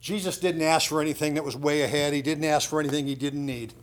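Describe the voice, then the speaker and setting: Man preaching with lively, chatty emphasis. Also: fairly high pitch, fast. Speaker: pastor. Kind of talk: sermon.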